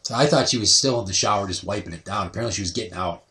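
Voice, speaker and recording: A man's voice: fairly low pitch, very fast, bright, forceful tone. A man in his thirties hosting a podcast, telling stories casually and acting out other people's voices. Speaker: podcast host. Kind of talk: casual storytelling. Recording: roomy sound, voice distant from the mic.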